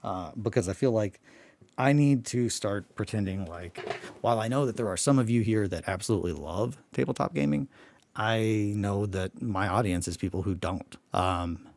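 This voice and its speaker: A man's voice: on the low side, moderate pace, vocal fry, darkish tone, dry recording. A man who has just woken up, rambling casually about his tabletop hobby, often breaking off and swearing freely. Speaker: hobby vlogger.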